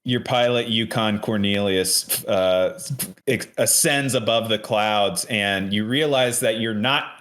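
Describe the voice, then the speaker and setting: A man's voice: fairly low pitch, slow pace, fairly bright tone. A man narrating a tabletop game as game master, rambling, with many fillers and restarts.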